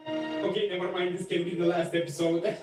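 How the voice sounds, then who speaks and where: A male streamer reacting live to an anime, gushing, swearing and laughing a lot. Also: high voice. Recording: echoey room, mic far off, music behind.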